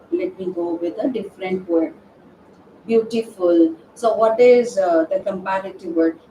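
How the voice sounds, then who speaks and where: A woman's voice: fairly high pitch, dark tone, distant mic. A woman teaching a live webinar grammar lesson, asking the class questions and answering them herself, with many "uh" fillers. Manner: hesitant, frequent "uh" fillers and restarts. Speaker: verbal aptitude trainer. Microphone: distant from the microphone. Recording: echoey room, off-mic, faint background noise.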